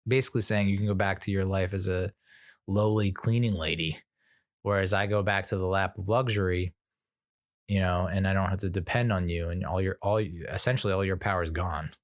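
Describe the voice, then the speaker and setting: This young man's voice sits low and fairly even as he talks fairly quickly through a solo movie review for his podcast. Rambling and self-mocking, he recounts scenes with acted-out quotes and laughs at his slip-ups. The sound is clean studio quality without echo.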